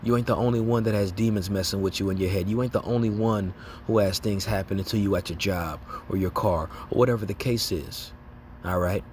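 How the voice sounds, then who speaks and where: A lay preacher with a lowish, steady, slightly mellow voice gives an informal religious exhortation at a fairly quick pace, with a little hiss or hum. He talks casually in slang, tags lines with "man" and "okay?", and laughs as he acts out reactions.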